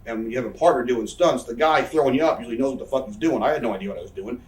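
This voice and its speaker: Fast-talking man, roomy far-off sound. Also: medium pitch. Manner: rambling, profane, self-mocking anecdotes. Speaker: interviewee, professional wrestler. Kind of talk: casual storytelling interview. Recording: roomy room, mic set far off.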